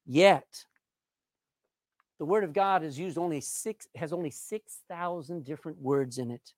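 A man preaching with a voice that leaps up and down in pitch, pausing for effect and stretching key words. The sound is close and dry. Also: very animated, no room sound. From Texas. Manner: emphatic, with dramatic pauses and drawn-out words. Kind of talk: sermon.

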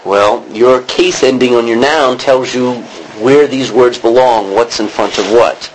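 A man's voice: mid-range voice, unhurried, slight background noise, rough recording. A man teaching a classroom lesson, explaining in a roundabout way and checking in with his students. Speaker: Greek teacher. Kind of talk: classroom lecture.

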